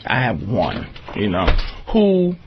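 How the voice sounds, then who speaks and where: A man's voice: fairly low pitch, huge pitch swings, takes it slowly, highs cut off, slight background noise. A man hosting a radio talk show, talking casually in a rambling, emphatic way and often checking that the listener follows. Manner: rambling, emphatic, often asks "you understand".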